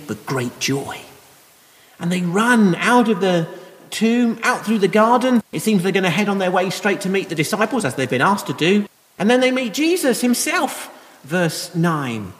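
Guy preaching gently, kinda high voice, echoey church hall sound. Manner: gentle, conversational explaining with soft laughs. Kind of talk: sermon. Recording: long reverb of a hall.

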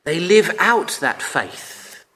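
Bright earnest man teaching scripture. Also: a little high, very animated, slow, slight background noise. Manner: earnest, emphatic, drops to quiet on key phrases. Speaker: preacher. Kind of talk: Bible teaching talk.

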